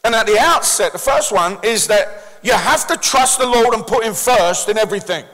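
Cockney male pastor, high bright voice, lively call-and-response sermon, echoey church. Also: normal speed. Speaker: senior pastor. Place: church hall with a congregation.

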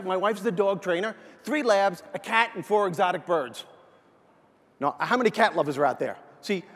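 A man with a high, bright-sounding voice delivers a funny motivational talk, animated and energetic as he tells stories. His voice bounces around a large hall with long reverb. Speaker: motivational speaker. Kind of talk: humorous keynote stand-up.

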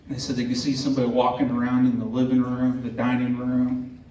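Male storyteller recounting a haunting; earnest and unhurried, heard from off-mic in a dull, echoey room. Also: medium pitch, monotone, darkish tone, slight background noise. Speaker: host telling a personal story. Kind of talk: telling a true ghost story to an audience. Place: indoor event room. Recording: roomy, distant, dull recording with faint ambience.

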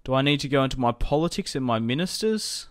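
A young man talks his way through a strategy game in a casual, rambling way. His voice is smooth and clear at an everyday middle pitch. He sounds like he is at a desk mic in a room at home. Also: lively intonation, fast talker. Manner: chatty, rambling, laughs often. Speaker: gaming commentator.

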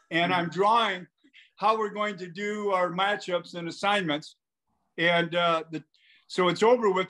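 High-voiced older man telling stories. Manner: animated, acts out quotes in his stories. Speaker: guest, basketball coach. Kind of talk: casual anecdotal storytelling.

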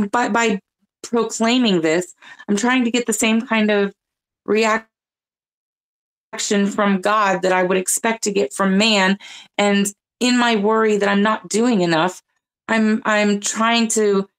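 A woman's voice: medium pitch, low-quality recording. A woman speaking earnestly as a panelist, sharing her personal faith story in casual chat, often restarting her sentences. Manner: earnest, searching, with many restarts.

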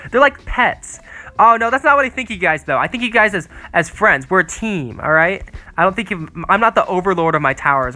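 A teenage boy giving casual, excitable gameplay commentary, chatting and teasing his opponent as he plays. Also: high-pitched. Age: teens. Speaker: gaming video creator.

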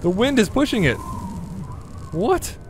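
A young man talks through a game in a chatty, slightly high voice, coaxing his machine along and yelping when it goes wrong. Faint game music plays underneath his commentary. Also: sing-song, measured pace. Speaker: gameplay commentator. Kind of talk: let's play commentary.

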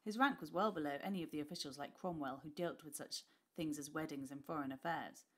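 British female reader, lowish voice, expressive storybook delivery with hushed moments. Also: fairly quick. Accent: British English. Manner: expressive, voices characters, drops to whispers. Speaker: teacher reading a class novel aloud. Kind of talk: storybook read-aloud.

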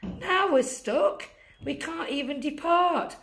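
A worried old Father Christmas from a storybook, anxious and pleading, voiced by a woman. His lines jump up high and loud, all urgent little exclamations. He sounds like he cannot hold on much longer. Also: slow.

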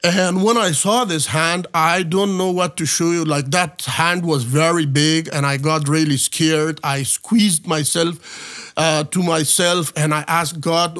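Halting man, fairly high voice. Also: fairly bright tone. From Afghanistan. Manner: halting, many fillers and restarts, earnest storytelling. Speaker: guest. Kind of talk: personal testimony in a podcast interview.

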